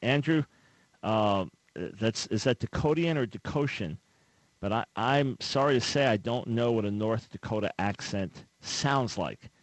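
A man's voice: lowish voice, unhurried, no room sound, low-quality recording. Earnest male radio talk host. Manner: earnest, conversational, acts out imagined callers. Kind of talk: radio call-in talk show commentary.

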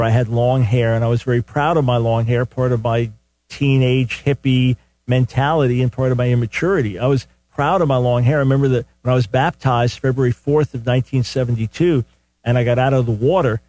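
A man's voice: mid-range voice, darkish tone, no room sound. Older man hosting a call-in radio show. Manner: earnest, conversational, repeats words when starting sentences. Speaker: radio talk show host. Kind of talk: call-in radio Bible teaching. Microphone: studio microphone.

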